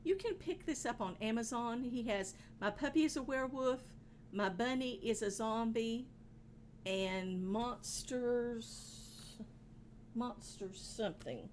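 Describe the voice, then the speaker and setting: Slow-talking high-voiced woman host. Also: a little mellow, slight background noise. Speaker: host of a children's stream. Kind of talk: casual recap of songs and crafts.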